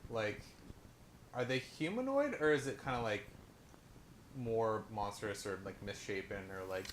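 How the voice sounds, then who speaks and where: A man's voice: on the low side, animated, unhurried, a little hiss or hum. Hesitant man at a roleplaying table, roomy sound. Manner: hesitant, trailing questions. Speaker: player. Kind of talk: casual tabletop game chat. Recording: echoey room.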